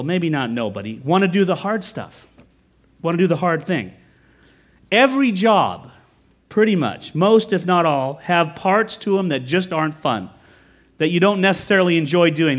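A middle-aged man preaching a sermon as pastor, telling stories with quick asides and self-corrections. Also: fairly high pitch. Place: church.

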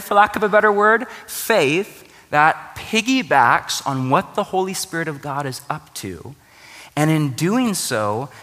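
A man's voice: a little high, sharp tone, in a large hall. A man preaching a sermon to his church, conversational and joking in his asides. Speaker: pastor.

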